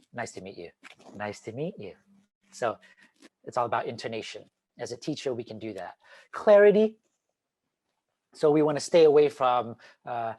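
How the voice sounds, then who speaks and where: A man giving an online talk on teaching, animated and demonstrative, swinging between loud and quiet. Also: mid-range voice, moderate pace. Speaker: teacher trainer. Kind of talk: online presentation. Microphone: video call.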